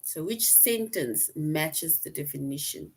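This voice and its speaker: A woman's voice: deep voice, animated, unhurried, creaky, slightly rough. A woman teacher explaining a lesson patiently to her class online, often checking in with "right?".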